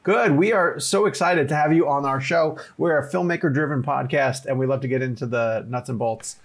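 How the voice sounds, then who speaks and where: Brief: male podcast host, gravelly voice, upbeat and eager. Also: medium pitch, fairly quick. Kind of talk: casual podcast chat.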